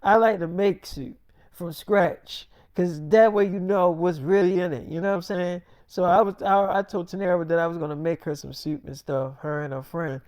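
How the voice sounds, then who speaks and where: A man's voice: high voice, fairly even intonation, moderate pace, darkish tone, clear, resonant tone, no echo, clean studio sound. Man rambling through a casual story.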